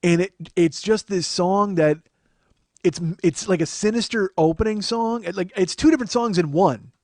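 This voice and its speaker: A man's voice: sits high, normal speed, darkish tone, dry recording, clean studio sound. A man in his forties hosting a comedy podcast, rambling and self-mocking as he chats and swears freely. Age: 40s. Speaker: podcast host. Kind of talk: casual comedic podcast chat.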